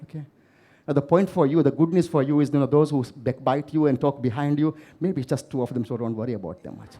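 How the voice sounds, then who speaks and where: A man's voice: mid-range voice, quick pace, mellow. A man from the Maldives giving a motivational keynote talk to a live audience, telling stories and asking the audience questions. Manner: storytelling, asks the audience questions. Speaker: keynote speaker.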